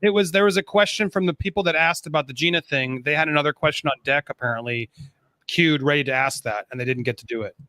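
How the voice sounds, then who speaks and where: A man joining an online panel as a guest, chatting casually and quickly. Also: on the high side, sharp tone.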